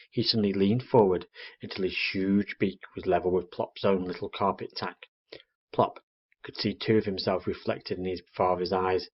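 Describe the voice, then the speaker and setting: A low, husky-voiced male teacher reads a children's story aloud with expressive storytelling. The recording is dull and lo-fi. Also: moderate pace.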